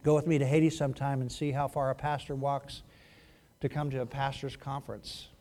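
A male pastor preaching a sermon in an animated, joking way, acting out quotes as he goes. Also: medium pitch, a little fast.

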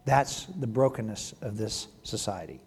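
Pastor preaching in a reverberant hall. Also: male voice, fairly low pitch, lively intonation, measured pace, vocal fry, darkish tone, breathy edge. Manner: conversational preaching with joking asides. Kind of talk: sermon.

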